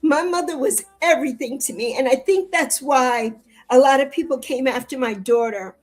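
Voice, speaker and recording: A woman's voice: high-pitched, normal speed, soft background music, poor audio. An older woman in an interview, speaking in a heartfelt, repetitive way that rises into tearful pleading. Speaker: interview guest. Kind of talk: emotional interview conversation.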